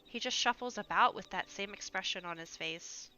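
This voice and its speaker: A woman voicing an earnest, compassionate young woman adventurer, reading game dialogue aloud in a gentle, pleading way. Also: medium pitch, moderate pace, close to an everyday voice. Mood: tender, earnest.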